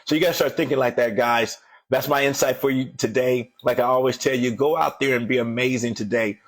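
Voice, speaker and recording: A man's voice: medium pitch, steady tone, a little fast. A man giving an emphatic motivational sermon as host of a daily show, repeating phrases as he builds to fervent calls to action.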